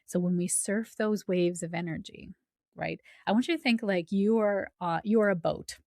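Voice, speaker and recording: A woman's voice: mid-range voice, moderate pace, darkish tone, no echo, clean studio sound. A woman hosting a spiritual podcast in a casual, chatty way, often checking in with "right?". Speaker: podcast host and coach.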